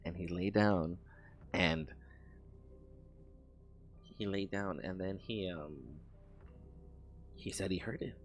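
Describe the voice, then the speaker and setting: A man's voice: low voice, fairly even intonation, slow pace, pauses often, soft background music. A young man casually telling a rambling story while editing video, swearing often and restarting his sentences. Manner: rambling, profane, with many restarts.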